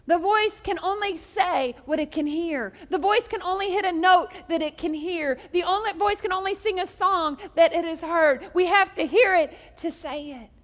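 Woman pastor, high voice, lively sermon, jokes and call-and-response, reverberant hall. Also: normal speed, few pauses.

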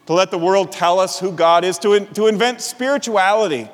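A middle-aged pastor preaches a sermon earnestly, climbing to emphatic peaks and then dropping low and quiet to give his words weight. He talks a little fast, and the sound suggests a big room.

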